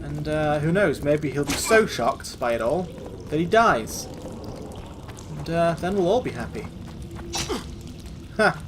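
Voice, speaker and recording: A man's voice: on the high side, lively intonation, unhurried, pauses often, background noise. A man streaming a video game, giving sarcastic, rambling, sweary commentary. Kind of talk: let's-play commentary.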